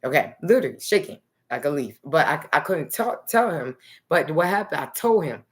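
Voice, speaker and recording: A woman's voice: sits low, animated, normal speed. A woman from New Jersey talking in a loose, rambling personal monologue to the camera, dotting her talk with "okay" and "nice". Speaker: vlogger.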